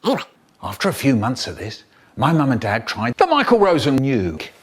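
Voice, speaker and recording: A man telling a comic story about his childhood in a lively, vivid way. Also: mid-range voice, fairly quick, husky. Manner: lively, vivid storyteller who acts out the scenes. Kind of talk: comic childhood storytelling, chopped by remix edits.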